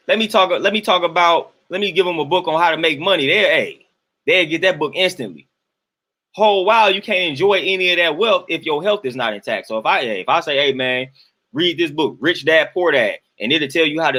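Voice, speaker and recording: A young man on a live stream, ranting in an exasperated, emphatic way. His voice sits a little high for a man, and he hammers his points by repeating them. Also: lively intonation, fairly quick, pushed and bright. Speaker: host ranting to live chat.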